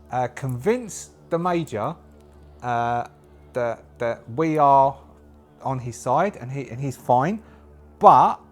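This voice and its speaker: A man narrating a solo tabletop game, thinking aloud and rambling with many fillers and restarts. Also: medium pitch. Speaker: solo game master and player.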